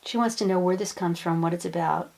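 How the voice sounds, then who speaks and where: A woman hypnosis practitioner gently passing on messages in a soft way, often repeating her words. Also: fairly low pitch, fast, creaky, poor audio. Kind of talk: gentle relaying of channeled messages.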